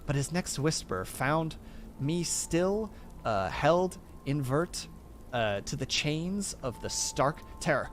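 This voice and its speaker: A man's voice: fairly high pitch, very animated, takes it slowly, slight background noise. A man reading a horror story aloud, often stumbling over words and starting them again.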